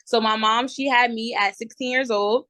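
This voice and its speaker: A woman's voice: a little high, moderate pace, dry recording. Young woman with a New Jersey accent. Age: 20s. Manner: lively, candid, lots of "um" and "you know". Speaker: guest entrepreneur. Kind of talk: casual interview chat.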